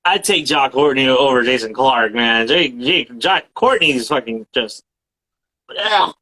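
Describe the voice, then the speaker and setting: Male co-host, bright tense tone, blunt and profane, casual film banter. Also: medium pitch, animated, poor audio. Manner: blunt, profane, quick agreement. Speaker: podcast co-host.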